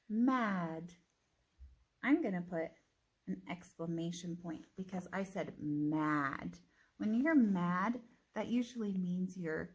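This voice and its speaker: Slow, deliberate phonics teacher woman. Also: on the low side, slightly rough. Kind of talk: phonics reading lesson.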